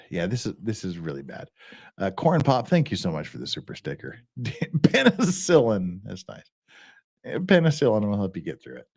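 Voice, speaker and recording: A man's voice: low-pitched, a little mellow. A man hosting a livestream, reading a passage aloud in a mock-dramatic way, breaking into whispers and cracking up laughing. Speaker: legal commentary livestream host.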